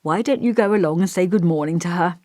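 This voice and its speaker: Woman voicing a gentle, fussy old-fashioned vicar. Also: on the low side, quick pace, dry recording, natural voice. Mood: genial. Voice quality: gentle, scholarly voice. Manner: kindly, hesitant, over-polite. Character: gentle, fussy, scholarly male village vicar. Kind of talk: audiobook character voice.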